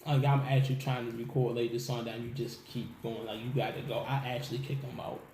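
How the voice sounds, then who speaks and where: Animated male storyteller, echoey room. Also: medium pitch, fast talker. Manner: animated, laughs often, acts out quotes. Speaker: musician guest. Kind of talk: casual interview storytelling. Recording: echoey room with faint background noise.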